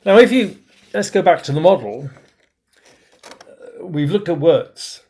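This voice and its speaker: A middle-aged man, a bishop, giving a recorded teaching talk on communication, stressing key words with pauses and swings in loudness. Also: a little high, lively intonation, husky.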